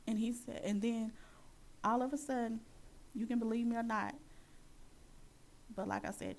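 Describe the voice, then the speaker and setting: A woman sharing her Christian testimony as a personal story. She talks earnestly and haltingly, with many fillers and restarts. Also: a little high, fairly even intonation, creaky, darkish tone, a little hiss or hum.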